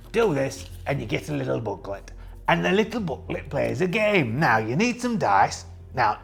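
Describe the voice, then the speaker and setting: A man's voice: medium pitch, vocal fry. A man playing a young, boastful pirate captain who rambles as he runs a solo tabletop game and answers his own questions. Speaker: host and solo game player.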